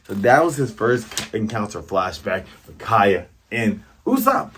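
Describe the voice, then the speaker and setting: A man's voice: on the low side, big pitch swings, measured pace, hardly any pauses, fairly bright tone, a little hiss or hum. A man casually reviewing a manga chapter, retelling the plot and reading the characters' lines aloud. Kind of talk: casual commentary, reading along.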